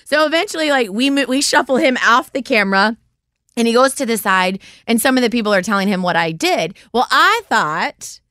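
A woman's voice: on the high side, expressive, fairly quick, bright, forceful tone, no echo, clean studio sound. A woman in her forties hosting a podcast, telling stories in a casual chat and laughing often. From United States. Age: 40s. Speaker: podcast host.

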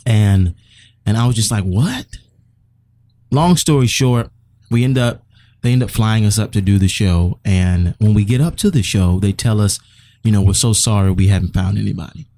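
A man telling a personal story as a guest on a talk show, animated and laughing often. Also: on the low side, moderate pace.

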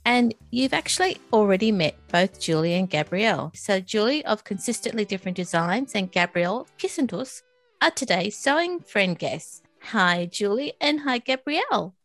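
Woman, podcast host, friendly with a very lively melody, faint music in the background. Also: mid-range voice. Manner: friendly, introduces guests. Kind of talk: podcast hosting.

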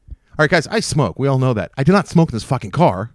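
A middle-aged man spins a rambling, swear-laced story at a rapid clip, slipping into quick impressions of the people in it. His voice sits at an ordinary pitch and is recorded close and dry, with no room sound. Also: big pitch swings, no room sound. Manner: rambling anecdote with profanity and acted-out dialogue. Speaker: podcast co-host. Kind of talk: casual storytelling chat.

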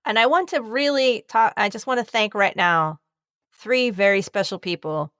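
A woman's voice: mid-range voice, moderate pace, a bit bright, no room sound, clean studio sound. A woman co-hosting a podcast in casual chat, effusive and rambling, with some swearing. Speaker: podcast co-host.

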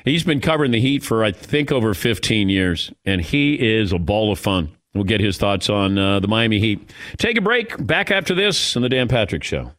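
A man's voice: fairly low pitch, sing-song, normal speed, fairly bright tone. A middle-aged man hosting a sports talk radio show, chatting casually in a reflective, self-mocking way.

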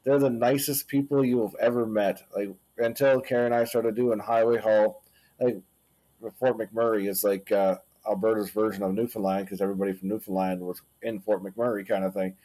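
A man with a low, warm, mellow voice. He talks casually as a podcast guest, circling his thoughts with fillers and asides. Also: fairly even intonation, normal speed. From Canada. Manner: rambling, thoughtful, many fillers like "kinda thing". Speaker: guest, former owner-operator trucker.

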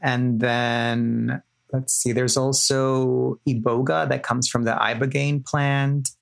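A man in a casual podcast talk who explains matters plainly. His voice has a gravelly, fry-edged texture. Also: mid-range voice, a bit bright. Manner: explanatory, self-correcting. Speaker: clinical trial participant.

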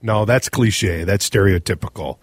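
A man with a Minnesota accent co-hosting a casual radio talk show, animated and rambling, often correcting himself mid-sentence. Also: fairly low pitch, normal speed, breathy edge, dry recording, studio quality. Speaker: radio co-host.

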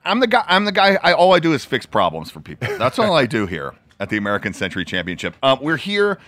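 A male podcast host trading playful, joking banter in a relaxed interview. His pitch swings widely, rising and falling all through each sentence. The voice sounds dry and close, with almost no room echo. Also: fast talker. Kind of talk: casual interview chat.

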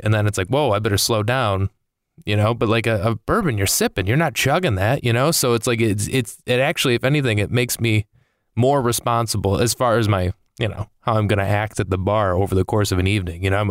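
A young man delivers a loose, rambling comic rant into a close microphone, swinging between exasperation and easygoing asides. His voice is smooth and resonant, and the recording is dry with no room sound around it. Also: lowish voice, no echo. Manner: exasperated ranting, swearing, rambling. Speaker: comedian podcast host. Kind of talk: casual comedic monologue.

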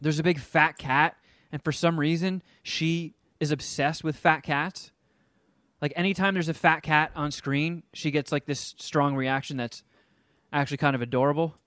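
A man in casual podcast chat, recapping a film with lively, animated delivery. His voice sits a little high for a man. The sound is dry and close, with no room around it. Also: normal speed, no echo. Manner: animated storyteller, hams up silly voices for the characters he describes. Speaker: podcast co-host reviewing a film.

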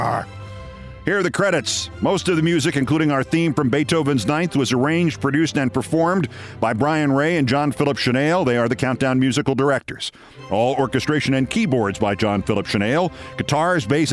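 A man in his sixties hosting a political podcast, reading scripted commentary with a sardonic, dramatic storytelling delivery. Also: fairly high pitch. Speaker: podcast host.

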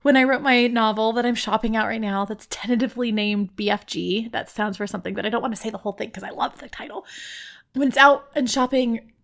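A woman hosting a podcast, talking in a chatty, expressive monologue and calling herself loud. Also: fairly high pitch. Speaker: podcast host.

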